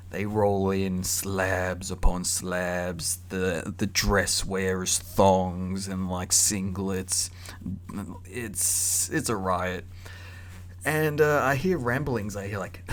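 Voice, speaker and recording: A young man telling a casual story in an animated, slangy way. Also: fairly low pitch. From Australia. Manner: animated, slangy, acts out voices.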